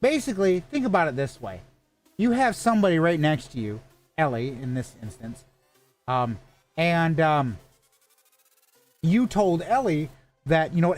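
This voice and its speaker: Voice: medium pitch, animated, unhurried, long pauses, faint music behind. Rambling, swearing tabletop game master. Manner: rambling, swears heavily, many restarts.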